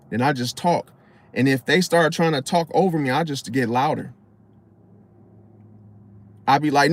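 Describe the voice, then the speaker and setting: A man giving casual advice in a slangy, animated way, often acting out loud high-pitched interruptions. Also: measured pace. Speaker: astrology commentator.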